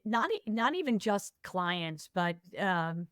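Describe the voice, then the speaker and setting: A woman speaking as an HR compliance expert on a business podcast, telling lively stories and acting out quoted exchanges. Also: lowish voice, takes it slowly, no room sound, studio quality. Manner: animated storyteller, acts out quoted exchanges. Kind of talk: casual business discussion.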